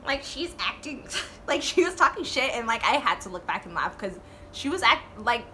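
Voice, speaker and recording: A woman in her twenties telling a storytime vlog in a casual, animated way, swearing and saying "like" a lot. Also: on the high side, normal speed, a little hiss or hum. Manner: animated, swearing, full of "like" fillers.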